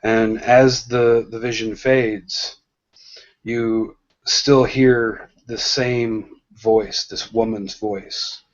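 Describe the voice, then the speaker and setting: A man narrating a tabletop role-playing game as game master, slow and hesitant, with many pauses and restarts. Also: medium pitch, level tone. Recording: dull lo-fi sound.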